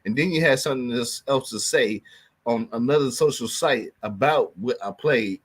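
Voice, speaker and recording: A man's voice: mid-range voice, normal speed, husky. A man hosting his own podcast, talking loosely in casual street slang and repeating himself for emphasis. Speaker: podcast host.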